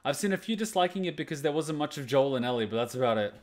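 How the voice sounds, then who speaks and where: A man's voice: on the high side, expressive, rapid-fire. A man hosting a reaction video, talking casually and earnestly about an episode in short repeated phrases.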